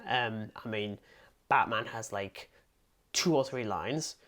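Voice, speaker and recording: Slow and fairly low-pitched yet a bit bright, this Englishman co-hosts a relaxed podcast reviewing films. He tends to ramble, makes self-deprecating remarks, and laughs and says "um" often.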